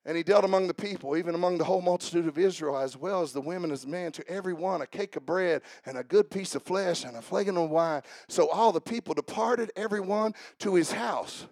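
A man preaching a sermon in church, swinging between shouted exhortation and quiet joking asides. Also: high voice, brisk, hardly any pauses, dry recording, studio quality.

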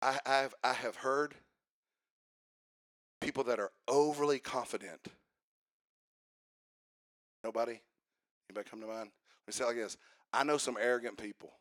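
A man preaching a sermon to a congregation, building to fervent shouts and calling for responses. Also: medium pitch, normal speed, pauses often, dry recording, studio quality. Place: church service.

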